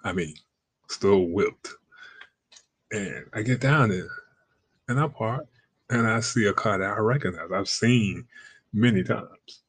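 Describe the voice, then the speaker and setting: Slow and often pausing, a lowish-voiced man with a breathy edge shares a personal story in a slangy, conversational way. He voices people's lines himself, getting louder for the quotes. The recording is dry.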